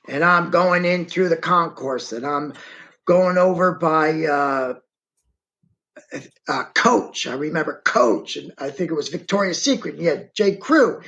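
A man being interviewed as an eyewitness. He tells his story in dramatic first person, with emphasis, and pauses to direct someone moving a map on screen. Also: sits high, gravelly, fairly bright tone, muffled recording.

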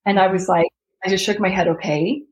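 Brisk and steady in tone at medium pitch, this young American woman is heard on a low-quality recording. She's an interview guest sharing a heartfelt personal story, voicing its characters and laughing between lines.

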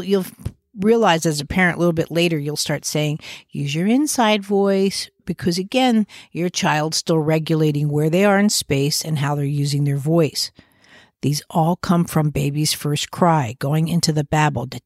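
Chatty podcast host, child therapist, mid pitch, conversational, dry close sound. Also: dry recording. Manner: conversational, often restarts and uses fillers; gives warm, reassuring asides. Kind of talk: casual explanatory podcast talk.

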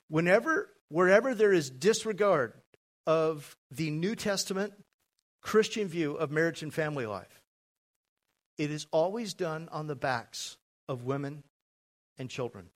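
Man, pastor, sermon, slow deliberate delivery, slightly high voice. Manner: slow, emphatic preaching with asides to the congregation.

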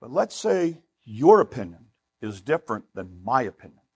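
A man's voice: medium pitch, very animated, moderate pace, slightly rough. A male pastor preaching a sermon in an emphatic, conversational way, often repeating words for stress.

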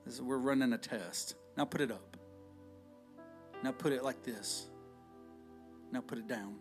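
A man preaching a sermon, casual and conversational, swinging between loud bursts and hushed asides. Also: mid-range voice, unhurried, soft background music. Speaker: pastor.

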